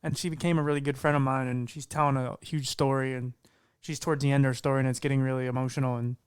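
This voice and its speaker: A man's voice: mid-range voice, level tone, quick pace, clear, resonant tone, no room sound, studio quality. A man hosting a podcast interview, chatting casually in a rambling way with many fillers. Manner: rambling, filler-heavy storytelling. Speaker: podcast host.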